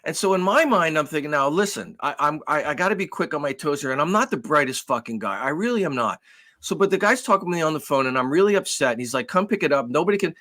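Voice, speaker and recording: A man co-hosting a podcast, telling a long story with lots of cursing and acting out both sides of phone calls. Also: a little high. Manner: animated, profane storytelling, acts out phone calls. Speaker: podcast co-host. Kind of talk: casual storytelling chat.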